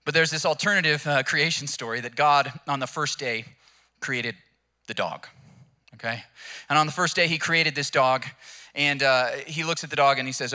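A young male pastor preaching with a relaxed storytelling manner and easy jokes. His voice sits a bit high and bright, and he keeps a casual, conversational rhythm. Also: moderate pace. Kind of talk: sermon.

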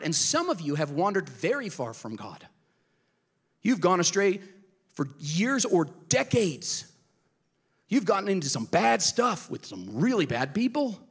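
Husky, energetic man preaching a sermon. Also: high voice. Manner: energetic, emotional preaching with quick asides to the congregation. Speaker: pastor. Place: church service.

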